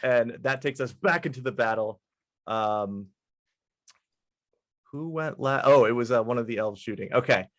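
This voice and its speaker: A man narrating as dungeon master, relaxed and amused, with frequent hesitations. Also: mid-range voice, moderate pace, long pauses, no room sound. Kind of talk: narrating a tabletop game.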